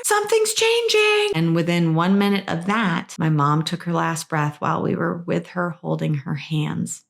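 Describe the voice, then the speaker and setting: A middle-aged woman, a hospice nurse, earnestly and gently telling a personal story to camera. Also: lowish voice, gravelly.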